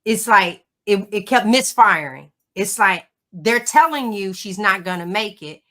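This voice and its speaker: A middle-aged woman, a guest on a livestream call, telling a personal story in an emotional, animated way. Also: mid-range voice, measured pace. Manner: emotional, animated storytelling with Southern turns of phrase.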